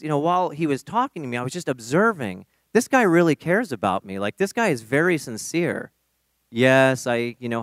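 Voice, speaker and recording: A man telling a personal testimony on stage in an animated, self-deprecating way. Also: fairly high pitch, no room sound, clean studio sound. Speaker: storyteller.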